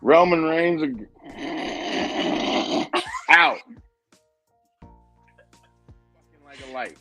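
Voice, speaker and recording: A man's voice: on the high side, sing-song, drawn-out words, gravelly, long pauses, sharp tone, no echo, faint music behind. A man telling a rambling, profane story in casual podcast chat, acting out the lines of his friends. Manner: profane, rambling anecdote with quoted dialogue. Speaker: podcast host.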